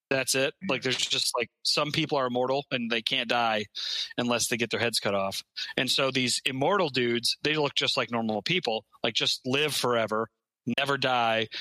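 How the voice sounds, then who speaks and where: Bright-voiced man telling a rambling story. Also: mid-range voice, dry recording, rough recording. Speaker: podcast co-host. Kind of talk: casual chat.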